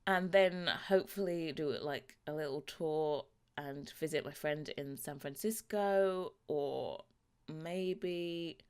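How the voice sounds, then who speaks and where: A woman's voice: deep voice, slow pace, a little mellow, smooth. A young woman from London with a London English accent, chatting casually and rambling over gameplay, often breaking into laughs. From London, England. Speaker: gaming YouTuber.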